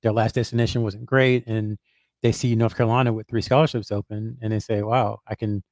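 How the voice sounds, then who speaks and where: A man's voice: lowish voice, level tone, a little fast, darkish tone, dry recording, studio quality. A man on a podcast, a basketball reporter who hedges and thinks aloud with lots of fillers and restarts. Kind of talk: casual podcast chat.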